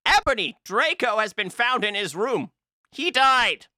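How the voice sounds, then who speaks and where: A grave old wizard headmaster delivers bad news in a mock-solemn, theatrical way, as a podcast reader plays him. The voice is bright and lifted, recorded close and dry. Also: medium pitch, expressive, a little slow, no room sound, pitched above the performer's own voice.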